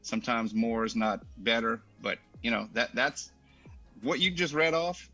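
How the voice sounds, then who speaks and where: A man who coaches answers questions on a podcast in a measured, explanatory manner. His voice is low and gravelly, husky yet bright and forceful in tone. Faint music plays behind him. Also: animated.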